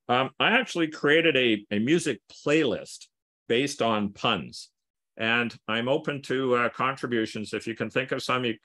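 Older man reading puns with a bright, lower voice. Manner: reads punchlines with raised, playful emphasis. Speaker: guest presenter. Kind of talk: wordplay talk over a video call.

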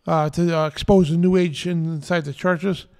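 A man with a notably high voice co-hosts a talk radio show. He speaks bluntly and with strong opinions, tossing in quick asides in a casual, chatty way. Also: steady tone, darkish tone. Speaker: co-host.

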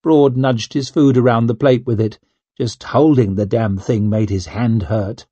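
A man reading an audiobook as narrator in a measured, even manner. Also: medium pitch, husky, dry recording. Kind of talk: scripted narration.

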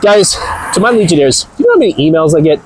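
A man hosts a motivational vlog at a gym, speaking energetically and emphatically in a rambling way through a clip-on body mic. His voice is on the high side and sing-song, and he talks quickly. The recording is rough, with a little hiss or hum.

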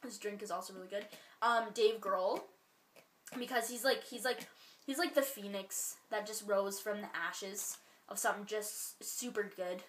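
A woman's voice: mid-range voice, moderate pace, fairly bright tone, slight background noise. A woman with a Canadian accent chatting casually to camera as a vlogger, rambling with lots of likes and ums and laughing as she goes. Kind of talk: casual chat. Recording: roomy echo.

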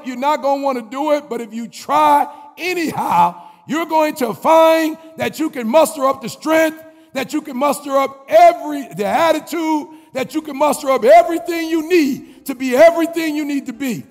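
A man giving a commencement speech, preaching in repeated refrains that build to shouts. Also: extremely high pitch, normal speed, in a large hall, faint music behind. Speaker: commencement speaker. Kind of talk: motivational speech.

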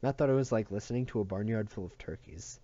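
A man reads a novel aloud in a plain, unpolished way, stumbling and restarting now and then. His voice is low and mellow. The recording sounds dull and lo-fi. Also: fast talker. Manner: plain reading with slips and restarts. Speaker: audiobook reader.

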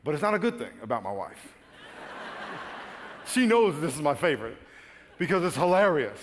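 A man pastor telling a funny personal story in a sermon, acting out his own frantic lines with bursts of shouting and laughter. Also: a little high, very animated, normal speed, long reverb tail, slight background noise. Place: large church auditorium.

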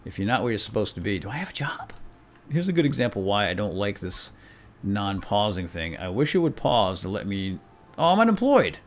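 An excitable man gives gameplay commentary, his pitch leaping up and down all the time. He jokes around and reads the on-screen text aloud as he plays. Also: a little fast. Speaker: let's play host.

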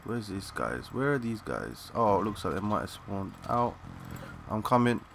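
A young man giving excitable, swearing live commentary while playing a shooter, calling out to teammates in slang. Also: on the low side, normal speed, vocal fry, a little hiss or hum. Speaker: gaming channel host.

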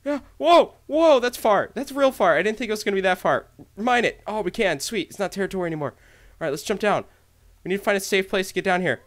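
A man commentating his gameplay in an excited, hyper way, often repeating himself. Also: high voice, fast. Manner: hyper, exclamatory, repeats phrases. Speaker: let's play gamer.

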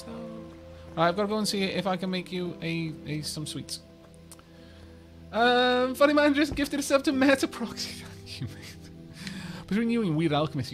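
An excitable man commentating his game live, his fairly high voice leaping all over the place as he reacts. He chats and coaxes in-game animals along. Light music runs quietly behind him. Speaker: streamer playing a game.

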